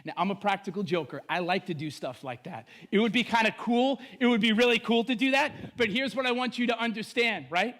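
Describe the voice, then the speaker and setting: A male pastor preaching an online sermon to viewers at home, animated and emphatic with playful asides. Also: high-pitched, fairly quick, few pauses.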